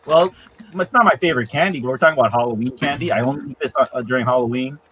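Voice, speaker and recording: A man in his forties, a father, chatting casually on a podcast, hesitant with many pauses and chuckles. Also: mid-range voice, a bit bright, highs cut off, a little hiss or hum. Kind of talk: casual chat.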